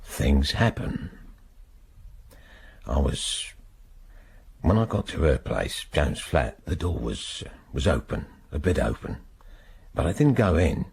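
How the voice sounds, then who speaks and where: An actor playing a British older man freed after many years in prison, telling his story in a halting, bitter way with a husky voice in a radio drama. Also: extremely low pitch, sing-song, darkish tone, heavily acted. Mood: haunted. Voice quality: gravelly, husky.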